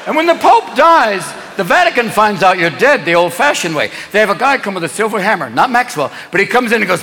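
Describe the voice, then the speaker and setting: A man doing a stand-up comedy routine, talking manically and jumping into one rapid character voice after another. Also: high-pitched, noisy background. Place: stage in a large venue. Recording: live in a large hall with crowd laughter. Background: audience laughing and cheering.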